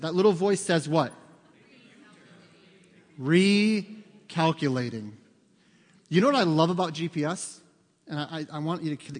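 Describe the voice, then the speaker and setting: Male pastor, conversational sermon, slightly high voice, long hall reverb, storytelling with quoted voices. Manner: conversational, peppers sentences with "okay?" and "right?"; animated storytelling with acted quotes.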